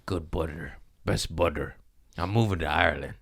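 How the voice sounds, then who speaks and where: A man's voice: rumbling low, moderate pace, vocal fry, fairly bright tone, breathy edge. A man hosting a podcast in casual chat, goofy and laughing often, using street slang. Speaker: podcast host.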